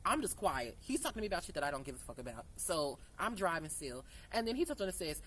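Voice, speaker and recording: A woman's voice: low voice, fast, a little hiss or hum, rough recording. A young woman vlogger telling a casual, candid storytime, swearing freely and acting out the dialogue. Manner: candid, profane, animated retelling with quoted dialogue.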